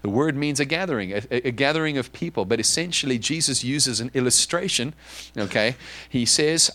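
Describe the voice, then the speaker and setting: A man preaching a sermon in an animated, emphatic way, often repeating words as he restarts. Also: medium pitch, a little fast. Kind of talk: sermon teaching.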